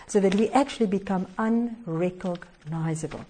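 A woman's voice: medium pitch, normal speed, hardly any pauses, warm tone, husky. A woman preaching a devotional sermon, telling a story expressively with little chuckles and hesitations.

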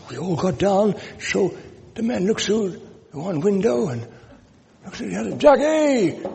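A man in his seventies preaching and spinning stories, with slow, emphatic scripture reading. His voice sits a little high and rings out in a long-reverb hall. Faint noise hums underneath. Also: vocal fry, a little mellow. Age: 70s. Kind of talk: storytelling sermon.

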